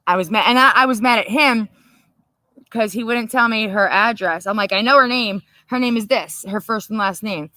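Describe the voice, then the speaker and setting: A woman hosting a casual livestream, telling a story in a profane, animated way and laughing often. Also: fairly high pitch, moderate pace, no room sound. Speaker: livestream host.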